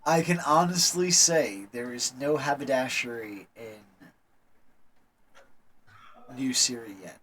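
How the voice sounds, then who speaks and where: A man's voice: medium pitch, takes it slowly, long pauses, a bit bright, a little hiss or hum, rough recording. A man narrating as game master, playful, with joking asides.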